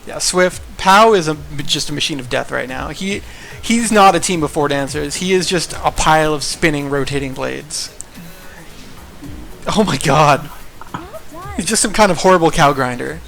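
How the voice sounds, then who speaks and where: A man's voice: fairly high pitch, moderate pace, gravelly, a bit bright, faint music behind. A man giving casual, jokey, rambling commentary for a livestreamed gaming tournament.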